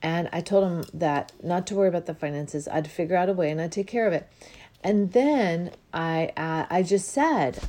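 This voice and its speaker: A woman hosting a spiritual self-help show, talking earnestly and reflectively with drawn-out pauses. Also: fairly low pitch, dark tone, slight background noise. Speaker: host and life coach.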